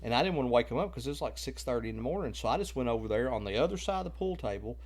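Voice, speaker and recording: A man's voice: mid-range voice, expressive, very fast. A man co-hosting a family podcast, joking, teasing and telling his own childhood story with lots of laughs. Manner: jokey, laughs a lot, teasing. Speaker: podcast co-host. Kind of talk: casual chat and storytelling.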